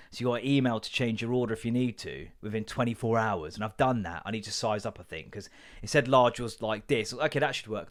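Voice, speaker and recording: A man in his thirties hosting a casual solo podcast, telling stories in a sweary, jokey way and slipping into mock voices. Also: fairly low pitch. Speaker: podcast host.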